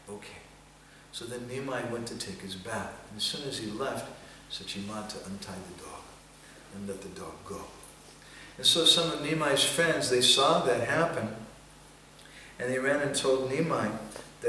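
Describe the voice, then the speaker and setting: A man giving a seminar talk, telling a devotional story in a gentle storytelling manner, recorded from far off in a festival hall. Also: mid-range voice, normal speed, a little hiss or hum. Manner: gentle storytelling, occasional chanting. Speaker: seminar speaker. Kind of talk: storytelling sermon.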